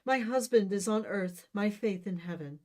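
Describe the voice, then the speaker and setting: A tragic young heroine declaims antique verse with heavy theatrical despair, her lines rising and swelling. A woman voices her, putting it on for a storybook reading. The delivery is grand and deliberately overdone. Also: medium pitch, animated, darkish tone, natural voice. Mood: anguished. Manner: overwrought mock-Shakespearean declaiming.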